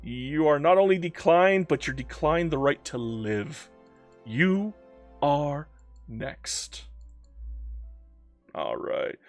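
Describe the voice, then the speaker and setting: Give me an excitable man streaming a strategy game, bouncy and high, with faint music underneath. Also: slow, long pauses. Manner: excitable and playful, talks to in-game nations. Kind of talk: live strategy-game commentary, reading chat.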